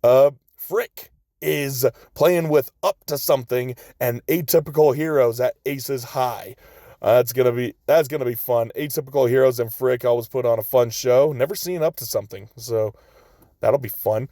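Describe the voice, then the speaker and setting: A man's voice: medium pitch, normal speed, dark tone, no room sound. An American man hosts his podcast, listing upcoming shows in an easygoing, chatty way. He chuckles often and drifts into short asides. His mid-range voice sounds close and dry, with no room sound at all. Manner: laid-back, chuckles often, brief asides. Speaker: podcast host. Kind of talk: casual show listings.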